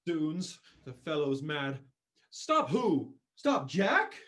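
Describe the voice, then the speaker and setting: A woman doing a gruff old baronet. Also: low-pitched, big pitch swings, fairly bright tone, exaggerated voice. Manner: slow, barking gruff commands. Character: gruff blustering old baronet, Sir Anthony. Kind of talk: live online stage acting.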